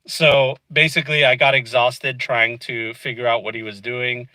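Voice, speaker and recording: A man sits in his car telling a story straight to camera, chatty and exasperated, and says "dude" a lot. His voice is bright and forward, with a middling pitch. The sound is dry and close, with no room echo. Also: little pitch movement, moderate pace. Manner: chatty, frustrated, peppered with "dude" and "you know what I mean". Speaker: vlogger. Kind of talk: casual storytelling. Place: inside a car.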